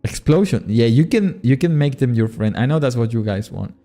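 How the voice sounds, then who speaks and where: A man's voice: medium pitch, lively intonation, brisk, mellow. A man streaming a game, chatting casually with viewers, swearing and poking fun at himself. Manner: casual, self-deprecating, swears often, laughs at himself. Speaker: streamer and modpack creator. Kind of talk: casual live-stream gameplay chat.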